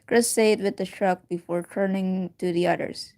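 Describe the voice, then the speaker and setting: A woman's voice: mid-range voice, steady tone, moderate pace, few pauses, a little mellow. Woman reader, casual read-aloud of a story, stumbles and restarts, giggly asides, mid-range voice.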